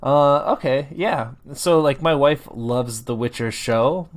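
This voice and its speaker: Man, podcast co-host, casual chat, dry teasing, asks questions, medium pitch. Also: takes it slowly.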